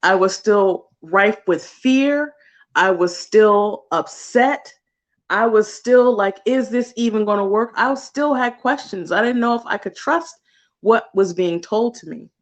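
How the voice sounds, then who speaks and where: A woman energy healer in a casual spiritual vlog, animated and laughing often, swearing freely and slipping into put-on voices. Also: unhurried. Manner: slips into high put-on voices for quotes.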